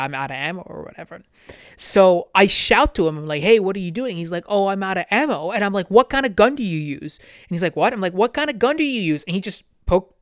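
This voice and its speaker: A talkative woman in casual conversation, leaning on "like" as she tells stories and acts out what people said. Her voice sits a bit low, and the sound is dry and close with no room around it. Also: dry recording. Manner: chatty, many "like" fillers, lively storytelling. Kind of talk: casual chat.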